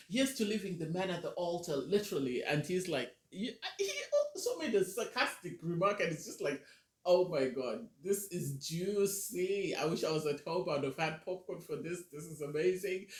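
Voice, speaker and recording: A woman casually reviewing a reality TV episode, animated and ranting, often acting out what people said. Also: lowish voice. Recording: roomy echo.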